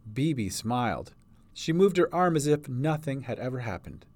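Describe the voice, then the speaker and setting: A man's voice: medium pitch, very animated, moderate pace, a little mellow. A man narrating a storybook reading as its writer and producer.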